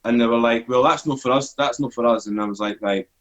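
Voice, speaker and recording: A man's voice: mid-range voice, quick pace. Scottish guy on a podcast, sweary, acts out all the voices in his story. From Scotland. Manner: swearing, animated, acts out quoted dialogue. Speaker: podcast guest. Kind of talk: casual storytelling interview.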